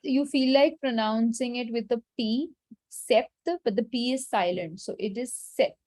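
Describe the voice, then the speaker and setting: A woman leads an online French class. She speaks in a somewhat high voice, patiently instructive and gently firm. She sounds like she is on a video call. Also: normal speed. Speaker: French teacher.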